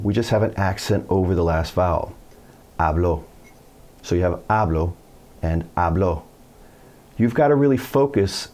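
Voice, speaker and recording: A middle-aged American man teaching a Spanish lesson in English, telling stories and acting out quoted speakers with lively pitch jumps. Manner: animated storytelling, acts out quoted voices. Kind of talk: video lesson.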